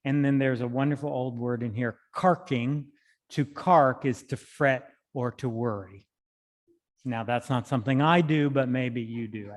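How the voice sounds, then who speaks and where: A man's voice: medium pitch, measured pace. Man reading poetry in a reverberant hall. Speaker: poet. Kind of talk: poetry reading with spoken commentary. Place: library hall.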